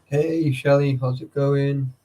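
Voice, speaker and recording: A man's voice: medium pitch, fairly even intonation, slow pace, mellow. Sleepy, sweary man. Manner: sweary, rambling, greets chatters by name. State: tired and sleepy. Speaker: livestreamer. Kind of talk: casual chat with live viewers.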